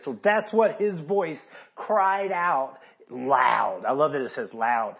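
A man's voice: a little high, unhurried, muffled recording. A man preaching a sermon in an earnest, emphatic way, reading scripture aloud. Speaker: pastor.

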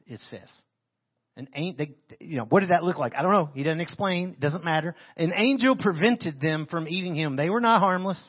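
A man preaching a sermon as pastor. He reads scripture and comments on it with animated emphasis into a handheld microphone. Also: a little high, husky, lo-fi sound.

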